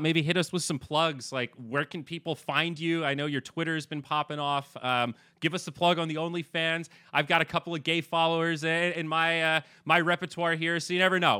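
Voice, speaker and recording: A deep-voiced man hosts a casual podcast interview. His tone is bright and forceful, and he rambles in a relaxed way. The recording is dry and close. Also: clean tone, dry recording. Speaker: podcast host.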